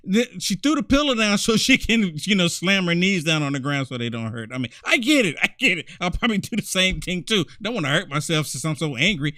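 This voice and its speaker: A man's voice: high voice, animated, fairly quick, few pauses, bright, forceful tone, no room sound, studio quality. A man hosting a commentary show, talking in a mocking, repetitive way. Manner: mocking, repetitive, many "I mean"s. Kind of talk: political commentary monologue.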